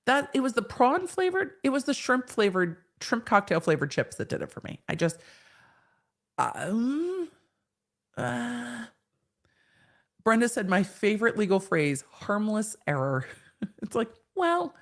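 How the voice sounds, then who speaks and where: A woman's voice: medium pitch, big pitch swings, unhurried. A woman in her thirties hosting a live stream, reading viewers' chat comments aloud and answering them in a frank, chatty way.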